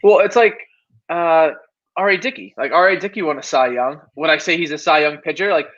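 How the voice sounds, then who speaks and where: Sarcastic high-voiced man on a muffled line. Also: fairly quick, a bit bright. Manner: sarcastic, exasperated, rhetorical questions. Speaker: podcast co-host. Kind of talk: casual sports podcast chat.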